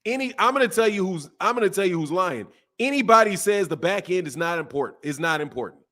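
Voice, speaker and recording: A man with a fairly high voice rants in casual commentary, repeating himself and firing off rhetorical questions. He sounds animated and talks straight at his viewers. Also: quick pace. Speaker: boxing commentator.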